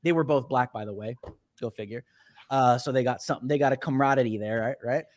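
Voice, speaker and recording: A man's voice: mid-range voice, fast talker. A man hosting a casual talk show, animatedly telling a story, acting out the people he quotes and laughing often. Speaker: podcast host.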